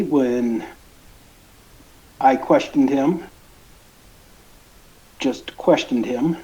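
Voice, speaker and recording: A man playing a tabletop game who states his actions slowly and deliberately. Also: medium pitch, mellow. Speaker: player. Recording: dull lo-fi recording.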